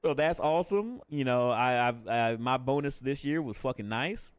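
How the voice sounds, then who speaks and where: A man's voice: mid-range voice, moderate pace, smooth, dry recording. Profane, candid man streaming live. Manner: profane, candid and laughing often. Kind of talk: casual live-stream chat.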